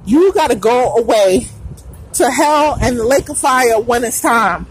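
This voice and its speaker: High, lively-voiced woman preaching. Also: a little slow, faint music behind, rough recording. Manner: emphatic, repeats lines, breaks into sung phrases. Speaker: podcast host. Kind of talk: preachy religious monologue.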